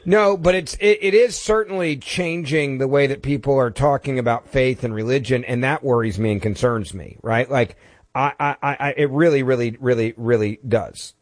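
A man's voice: medium pitch, normal speed, no room sound. A man hosting a talk radio show, speaking emphatically with frequent restarts and repetitions. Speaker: fill-in radio talk host. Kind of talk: talk radio monologue and caller chat. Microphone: studio mic.

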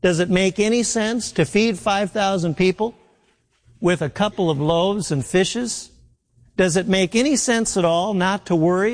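A man's voice: sits high, moderate pace. A man preaching a sermon as a pastor, earnest and repeating his key phrases, with frequent small stumbles. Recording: long hall reverb.

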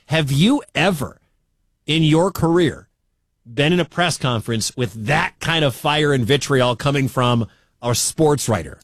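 A man from the American Midwest hosting a sports talk radio show, talking in an animated, incredulous way with quick asides. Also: fairly high pitch, no echo. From Midwestern United States.

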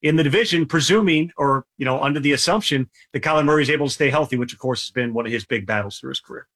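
A man reporting on football as a guest, giving measured analysis with some restarts. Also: mid-range voice, a bit bright. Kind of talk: remote interview analysis.

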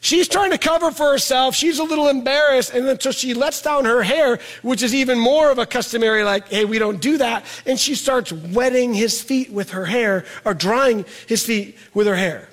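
A middle-aged pastor preaches a sermon in a conversational style, his very high-pitched voice a bit bright. He repeats words for emphasis and slows down on key words.

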